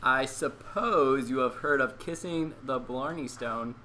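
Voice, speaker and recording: A man acting as quiz master on a casual podcast, reading the questions out deliberately and teasing the others. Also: medium pitch, pushed and bright, a little hiss or hum, rough recording.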